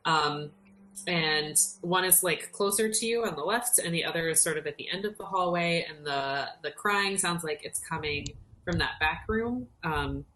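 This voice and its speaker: A woman narrating as dungeon master in an unhurried, descriptive way with many fillers. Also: fairly low pitch, bright, forceful tone, a little hiss or hum. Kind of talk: narrating a tabletop game.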